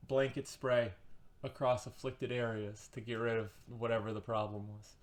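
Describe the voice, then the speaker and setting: A man's voice: medium pitch, level tone, normal speed. A man giving a casual, sarcastic and rambling book review as a vlogger, with comic asides.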